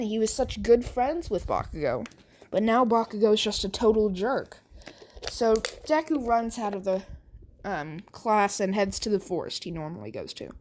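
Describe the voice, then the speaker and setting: A woman's voice: medium pitch, a little mellow. A woman casually improvising a fan story, rambling and correcting herself as she goes.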